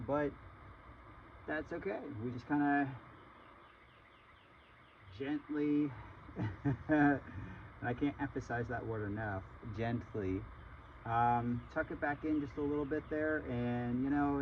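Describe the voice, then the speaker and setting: A man casually chatting through a gardening how-to in his garden, relaxed and chatty with frequent ums. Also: medium pitch, lo-fi sound, a little hiss or hum. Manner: relaxed, chatty, laughs easily, many ums. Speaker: gardening vlogger. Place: outdoor garden in the morning.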